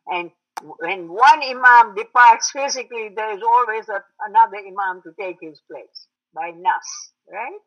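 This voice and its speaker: A woman's voice: medium pitch, a bit bright. Woman teaching a faith class, keeps asking right?, muffled old-sounding recording. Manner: explanatory, checks in with listeners. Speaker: religious teacher. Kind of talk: religious lecture. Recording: dull lo-fi recording.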